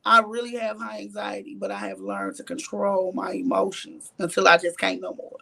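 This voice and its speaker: A woman with a mid-range, creaky, husky voice talks at a normal speed as an interview guest. The reality show cast member tells a candid story in an animated, blunt, profane way, acting out quoted dialogue.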